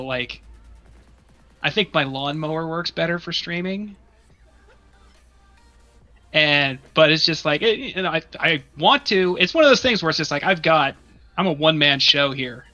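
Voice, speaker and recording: A man's voice: on the high side, sharp tone. A man guesting on a casual interview, talking in long run-on rambles full of fillers. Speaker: guest, one-man accessory maker. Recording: dull lo-fi dry sound.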